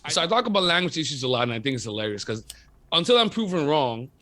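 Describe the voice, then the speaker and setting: Guy radio host, high-ish bright voice, swears a lot, fired up, dry close sound. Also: fast, no room sound. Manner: animated, profane, emphatic storytelling. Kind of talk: casual interview chat.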